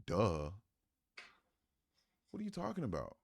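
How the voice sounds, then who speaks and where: A man's voice: fairly low pitch, huge pitch swings, measured pace, gravelly. A man streaming live, reacting to a clip with profane, mocking, incredulous commentary.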